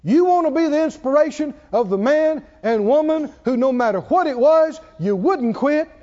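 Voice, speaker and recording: A man preaching a sermon with passion, swinging from quiet low passages to loud peaks. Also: animated, moderate pace. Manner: impassioned, rising to loud peaks and dropping low. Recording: dull lo-fi sound.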